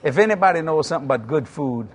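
In a slightly rough voice pitched fairly high, a sixty-something preacher with a Cajun accent from South Louisiana races through humorous sermon stories. He acts out both halves of the exchanges with lively energy and laughs in little asides.

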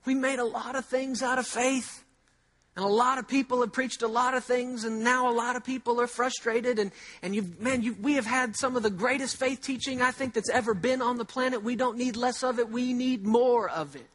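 A male pastor preaching a sermon in a conversational way, asking rhetorical questions and slowly repeating key phrases for emphasis. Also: very high-pitched, fairly even intonation, a bit bright.

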